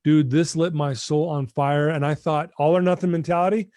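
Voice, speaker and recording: Through a video call, a middle-aged addiction recovery mentor tells a podcast host his recovery story with earnest emotion. His fairly high-pitched voice keeps fairly even intonation at a moderate pace with a darkish tone, and the clean studio sound has no room noise.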